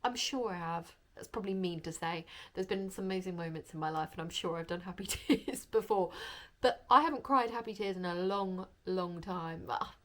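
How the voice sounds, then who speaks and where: A woman's voice: on the low side, normal speed. Chatty emotional woman vlogger. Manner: open and emotional, gushing with praise. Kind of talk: chatty home vlog.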